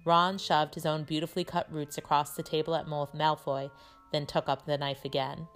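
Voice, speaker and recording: Low-voiced woman reading a storybook aloud. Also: soft background music. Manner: steady, measured narration.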